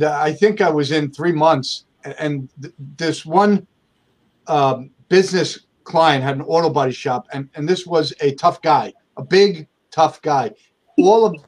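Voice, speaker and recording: A man with a somewhat high voice tells stories from his own career as an interview guest. He speaks conversationally, restarting sentences often and acting out what other people said. He is from the United States. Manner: conversational, many restarts, acts out quoted dialogue. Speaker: accountant and firm owner, guest. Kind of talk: storytelling interview answers.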